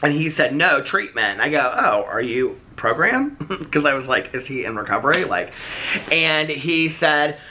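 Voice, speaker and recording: A man's voice: on the high side, normal speed, noisy background. Chatty man telling a story. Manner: chatty, animated, acts out dialogue in quotes. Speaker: vlogger. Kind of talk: casual storytelling vlog.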